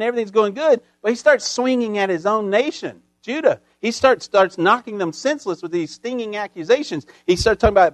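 A man preaching a sermon as pastor, folksy and full of homespun sayings, building emphatically to loud peaks. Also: high-pitched, animated, brisk, few pauses, no echo.

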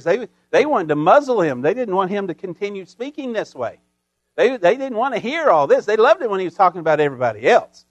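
A man preaching a sermon as pastor, folksy and full of homespun sayings, building emphatically to loud peaks. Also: high voice, dry recording, highs cut off.

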